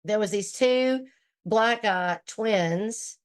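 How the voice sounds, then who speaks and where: A woman's voice: mid-range voice, extremely slow. Blunt, profane woman livestream host. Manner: blunt and profane, laughs often. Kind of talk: casual livestream chat reading viewer comments.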